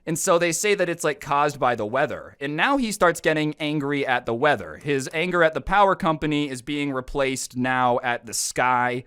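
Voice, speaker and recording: A man telling a storytime to camera, sarcastic and incredulous, with animated retelling. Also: on the high side, normal speed, hardly any pauses, smooth. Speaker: storytime YouTuber. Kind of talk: storytime commentary.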